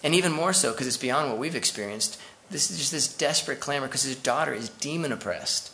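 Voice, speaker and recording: A male pastor delivering a sermon in a conversational way, dropping asides to his church as he goes. His voice is gravelly with a bright, forceful edge. A faint noise sits under the recording. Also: medium pitch, lively intonation, a little fast.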